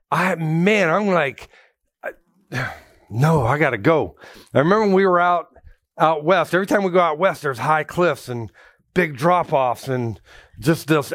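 The man's voice sits on the high side as he gives a conversational church sermon, full of jokes, personal anecdotes, and call-outs to the congregation. He's a pastor, and his delivery is animated; the audio is studio quality without room sound.

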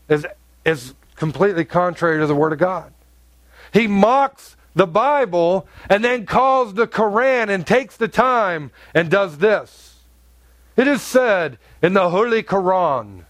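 A male pastor preaching a sermon, emphatic, his voice swinging between high loud peaks and low quiet stretches. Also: lively intonation, measured pace, no room sound. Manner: emphatic preaching with wide swings in pitch and volume.

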